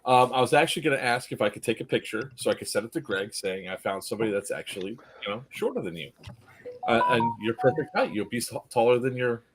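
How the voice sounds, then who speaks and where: A man's voice: mid-range voice, fast, a little hiss or hum. A man in casual chat, telling a story with energy and acting out the people in it. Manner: animated, acts out the people in his story.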